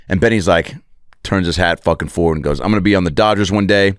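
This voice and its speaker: A man's voice: sits low, fast, smooth, dry recording. A male comedian hosting a podcast, telling a profane, rambling comic story in a podcast studio. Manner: profane, digressive, animated. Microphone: podcast studio microphone.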